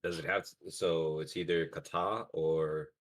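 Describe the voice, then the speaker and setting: A man playing a tabletop game, loud and joking, laughing often. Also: extremely low pitch, steady tone, unhurried. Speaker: player. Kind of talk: casual tabletop game chat.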